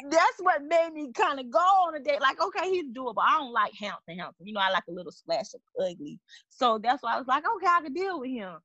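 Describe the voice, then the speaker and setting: High bright animated woman storyteller. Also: fast, dry recording, dull audio. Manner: animated storyteller, laughs often. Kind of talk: casual chat among friends.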